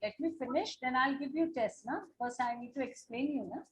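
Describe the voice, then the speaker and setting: A woman with an Indian English accent and a high voice speaks briskly, with slight background noise on a rough recording. Teaching an online class, she's patient and repeats her points, checking in with "okay?" and "na?"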